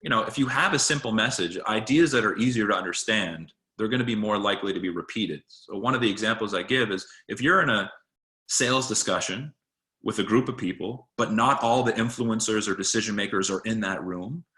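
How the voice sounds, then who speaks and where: A man with a bright, forceful voice that sits a little low, giving a casual talk on presentation skills. He speaks conversationally and often circles back to restart a phrase. His tone is that of a friendly coach sharing tips. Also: brisk. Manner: conversational, with frequent restarts and fillers.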